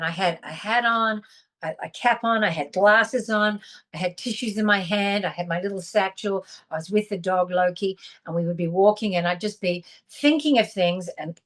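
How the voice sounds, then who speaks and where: A woman, a guest on a video call, telling a personal story candidly with emotion and restarts. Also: medium pitch. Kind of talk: casual video-call interview.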